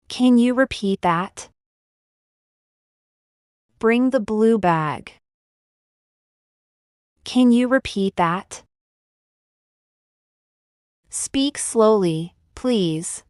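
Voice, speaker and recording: Female English teacher, very slow and deliberate delivery, smooth voice, dry close mic. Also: mid-range voice, no room sound. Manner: slow, deliberate, clearly enunciated. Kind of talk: slow scripted phrase lesson.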